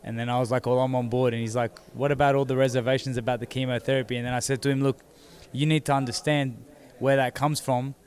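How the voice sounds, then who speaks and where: A man, seated as an interview guest, telling his own story in a halting way that repeats words as he goes. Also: mid-range voice, little pitch movement, darkish tone. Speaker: interview guest, former boxing champion. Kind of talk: candid personal storytelling.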